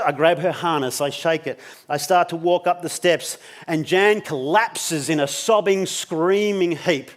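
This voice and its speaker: A man giving a storytelling keynote talk, animated and casually swearing as he acts out the dialogue. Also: on the high side, a little slow. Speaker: keynote speaker.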